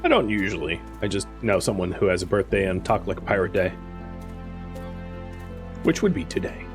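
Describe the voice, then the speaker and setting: A man's voice: sits low, big pitch swings, moderate pace, music in the background. A man streaming a survival game live, chatting casually, thinking aloud and answering his chat as he plays.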